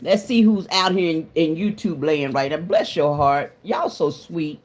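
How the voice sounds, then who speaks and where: Her voice sits low, moves a little slowly, and has a darkish tone. As host of a casual livestream, she greets viewers by name, chats in an emotional, confiding way, and often breaks into laughter.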